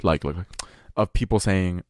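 A young man with a lowish voice co-hosts a relaxed podcast chat, full of laughs, swearing and filler words. He is from California, and his voice sits close and dry on the mic with no room sound. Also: moderate pace, dry recording. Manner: swearing, laughing, says like a lot. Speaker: podcast co-host. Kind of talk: casual chat.

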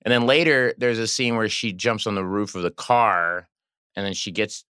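Low-voiced man telling set stories. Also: moderate pace, clean tone, no echo, clean studio sound. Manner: animated, acts out quoted voices. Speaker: guest actor and director. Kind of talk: casual storytelling chat.

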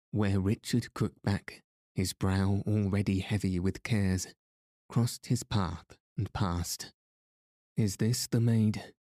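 A man narrating a book chapter in a measured, even reading. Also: low-pitched, dry recording, studio quality. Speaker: audiobook narrator. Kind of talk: scripted narration.

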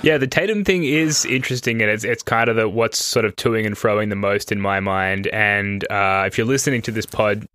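A man's voice: on the low side, normal speed, few pauses, fairly bright tone, dry recording. A man hosting a podcast, chatting in a rambling, self-correcting way that turns enthusiastic. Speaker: podcast host. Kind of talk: casual analytical chat.

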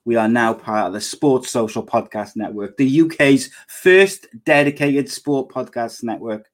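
A man's voice: mid-range voice, unhurried. A man with a Welsh accent hosting a podcast, rambling and joking playfully. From Wales. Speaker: podcast host.

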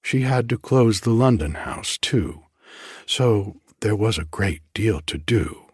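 A man voicing a spirited seventeen-year-old girl in an audiobook, speaking gravely and a little stately. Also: fairly low pitch, animated, slow, darkish tone, no echo, clean studio sound, exaggerated voice. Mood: earnest.

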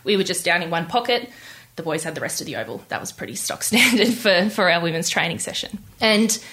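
A young woman telling her personal story in an interview, candid and halting, with many restarts. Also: lowish voice, expressive, a bit bright. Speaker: interview guest.

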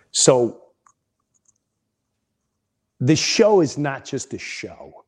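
Middle-aged man, comedian host, unhurried, rambling, casual storytelling, mid-pitched. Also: big pitch swings. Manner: rambling, with frequent restarts.

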